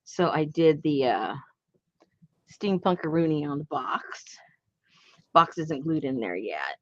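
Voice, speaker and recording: A woman's voice: deep voice, very animated, slow, no echo, highs cut off. A woman hosting a craft channel, chatting casually and playfully while showing a handmade journal. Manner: playful and chatty, laughs often.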